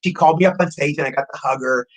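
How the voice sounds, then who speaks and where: A man in his sixties, an actor guest telling rapid, excitable anecdotes in a casual interview, often repeating words as he goes. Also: on the high side, low-quality recording. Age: 60s.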